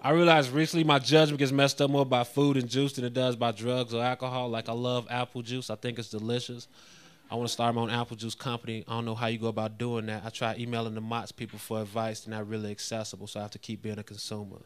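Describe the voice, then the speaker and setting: A man in his thirties doing a stand-up routine on stage, mostly deadpan, working up into indignant rants. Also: medium pitch, quick pace. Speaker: stand-up comedian. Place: live comedy venue with an audience.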